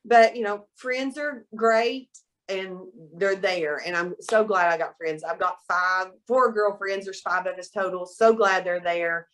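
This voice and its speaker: Brief: middle-aged woman, expressive interview guest. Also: medium pitch, a little slow. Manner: animated storyteller, quotes people in voices. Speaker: guest, soap maker. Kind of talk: casual interview chat.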